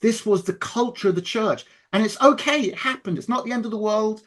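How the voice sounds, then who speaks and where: A man talking in a relaxed, conversational way with a fairly high voice. He speaks earnestly and presses his points with emphasis. He often breaks off mid-sentence and starts again. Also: brisk. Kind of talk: casual conversation.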